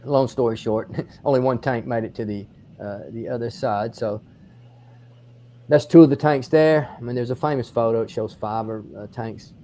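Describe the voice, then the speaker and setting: A man with an Australian accent stands on a battlefield outdoors, giving an on-site explanation as a military historian. He recounts events animatedly and in detail, often restarting sentences, in a mid-range voice at normal speed.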